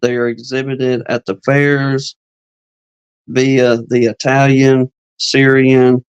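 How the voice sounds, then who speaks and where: Man reading aloud in a flat voice. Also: medium pitch, smooth, no room sound, lo-fi sound. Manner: reads slowly, stumbles on words and adds asides. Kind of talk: reading a beekeeping text aloud on a live chat.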